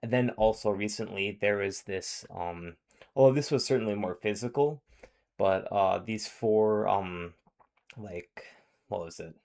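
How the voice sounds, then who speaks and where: Low-voiced man rambling in casual commentary. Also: a little slow, vocal fry, darkish tone. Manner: rambling, with many fillers and restarts. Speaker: commentator reacting to a video.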